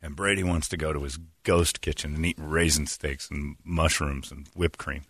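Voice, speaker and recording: A man's voice: very deep voice, fairly even intonation, normal speed, fairly bright tone, no echo. A man hosting casual comedic banter, ranting and teasing in a crude way.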